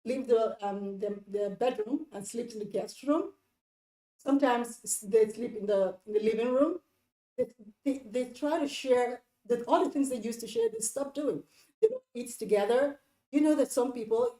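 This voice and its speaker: A woman's voice: on the high side, warm tone, echoey room, low-quality recording. A woman hosting a relationship advice talk, speaking earnestly and directly to the viewer, often repeating herself for emphasis.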